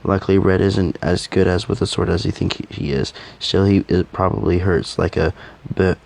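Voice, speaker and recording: A man's voice: low voice, little pitch movement, normal speed, gravelly, darkish tone. A man voicing a wry, teasing young male companion who talks in an easygoing way in a fan audio drama.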